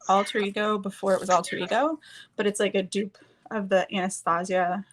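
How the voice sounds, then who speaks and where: A woman's voice: mid-range voice, little pitch movement, fairly quick, slight background noise. A woman chatting casually and rambling as she does her makeup, swearing now and then. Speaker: streamer doing makeup on a group call. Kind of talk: casual chat.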